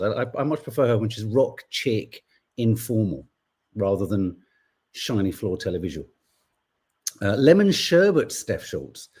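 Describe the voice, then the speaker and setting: A middle-aged man hosts a casual morning podcast. He talks in a rambling, self-correcting way, and his pitch swings widely from line to line. His voice has a slightly husky edge. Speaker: podcast host. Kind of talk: casual chat greeting live viewers.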